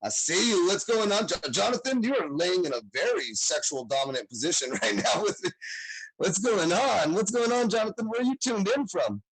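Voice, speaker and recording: A man's voice: high voice, expressive, normal speed, a bit bright, breathy edge, rough recording. A man hosting a comedy show over a video call, joking and hyping up the crowd with profane banter. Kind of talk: emcee banter and introductions.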